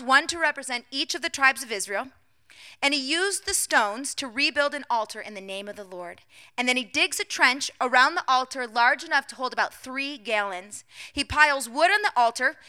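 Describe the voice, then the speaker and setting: A woman preaching a sermon, acting out scripture quotes loudly and dropping to hushed asides. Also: fairly high pitch. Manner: dramatic, swinging from loud acted quotes to hushed asides.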